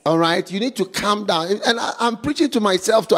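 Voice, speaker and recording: A man preaching a slow, emphatic sermon in church, stopping often for call-outs to the congregation. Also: high-pitched, expressive, fairly bright tone. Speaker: pastor.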